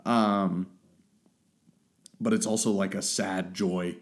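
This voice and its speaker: A man's voice: deep voice, level tone, slow pace. A man hosting a solo podcast, talking casually and rambling as he searches for the right words. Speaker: podcast host.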